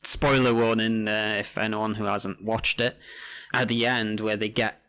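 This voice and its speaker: A man's voice: on the low side, flat delivery, unhurried, a bit bright, clear, resonant tone. A man co-hosting a podcast, rambling through a film recommendation with lots of hesitation. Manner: rambling, hesitant, many fillers. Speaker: podcast co-host. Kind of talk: casual chat.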